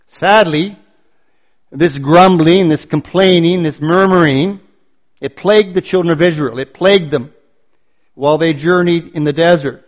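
This preacher's voice sits on the high side. He builds each point by repeating it emphatically and drags out the phrases he stresses.

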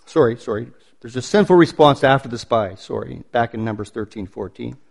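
A man preaching a sermon, building points through emphatic repetition and slowing down on stressed phrases. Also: medium pitch, vocal fry.

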